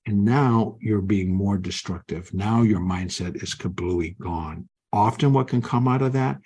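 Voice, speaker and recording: A man's voice: on the low side, measured pace, hardly any pauses, breathy edge. An older man teaching trading, talking live and acting out inner voices. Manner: animated, acts out inner voices. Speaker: trading educator.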